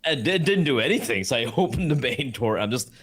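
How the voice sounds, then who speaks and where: A man tells a rowdy story in a casual chat, and his pitch swings widely as he goes. He swears freely and jumps into loud, high voices to act out other people. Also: brisk, breathy edge. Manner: animated, swears a lot, acts out voices with high shouts. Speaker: co-host of esports talk show.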